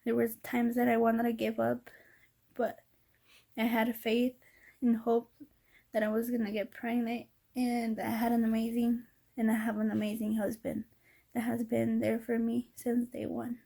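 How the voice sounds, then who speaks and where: A woman vlogger recounts a personal story with deep feeling, teary at the edges. Her voice is gravelly and mellow, and it moves in a narrow, even pitch band. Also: unhurried. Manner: emotional, heartfelt retelling.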